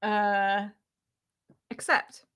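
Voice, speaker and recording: A woman's voice: mid-range voice, flat delivery, drawn-out words, fairly bright tone, clean tone. A woman casually walking through an AI image tool on screen, rambling and chatty with lots of fillers and an easy giggle. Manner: giggly, laughs easily. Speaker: video creator demoing an AI image tool. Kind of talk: casual screen-share walkthrough.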